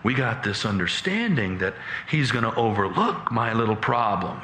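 A man preaching, telling a dramatic story with animated, halting retelling, in an echoey room. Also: fairly low pitch, slight background noise. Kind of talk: sermon storytelling.

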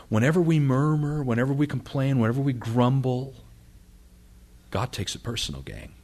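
This pastor speaks at a moderate pace in a medium pitch while delivering a sermon. Reading from scripture, he animatedly performs the quoted words of both the people and God.

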